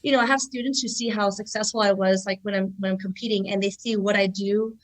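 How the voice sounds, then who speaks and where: A woman in her thirties chats on a podcast about training and coaching. Her pitch sits in an ordinary middle range. She talks in a loose, animated flow, packed with filler words. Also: quick pace, low-quality recording. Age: 30s. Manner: chatty, animated, heavy use of filler words. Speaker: jiu-jitsu black belt competitor and instructor. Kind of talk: casual podcast conversation.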